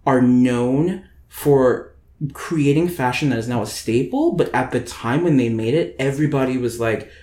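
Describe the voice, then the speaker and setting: A man's voice: medium pitch, moderate pace, dark tone. A man in his twenties hosting a podcast, chatting casually and rambling with lots of "like" fillers. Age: 20s. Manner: rambling, many "like" fillers, theatrical. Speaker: podcast host. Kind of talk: casual chat. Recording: roomy echo.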